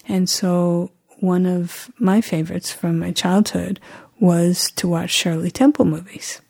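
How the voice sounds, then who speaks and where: A woman's voice: fairly low pitch, fairly even intonation, creaky, darkish tone, breathy edge. Reflective woman telling a personal story. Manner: reflective, halting with restarts.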